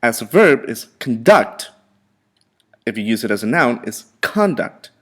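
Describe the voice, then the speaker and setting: Male teacher, mid-pitched, drills vocabulary step by step for students. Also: expressive, fairly bright tone. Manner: slow, repetitive drilling with frequent "okay". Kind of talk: vocabulary lesson.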